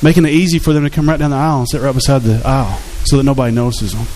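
A man's voice: mid-range voice, fairly even intonation, racing, darkish tone, rough recording. A man preaching a sermon as pastor, in a conversational way, often asking the congregation questions. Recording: faint hiss in the background.

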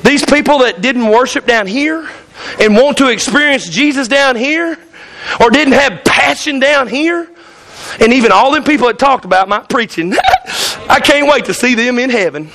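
A man's voice: very high-pitched, lively intonation, normal speed, pushed and bright. A male pastor preaching a fiery sermon in church, hollering and calling out to the congregation. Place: church sanctuary.

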